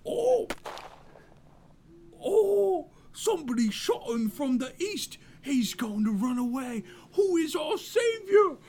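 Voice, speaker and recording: A man voicing a flustered, hammy English gentleman in a comedy improv sketch. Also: animated, normal speed, creaky, few pauses, exaggerated voice. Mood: panicked. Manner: panicky, shrill, hammy.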